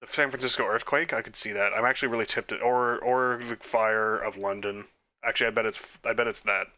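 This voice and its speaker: A man's voice: lowish voice, fairly even intonation, fairly quick, bright, forceful tone. A young man casually thinking aloud as he plays trivia quizzes, muttering answers and making self-deprecating, chatty asides. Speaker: quiz game let's player.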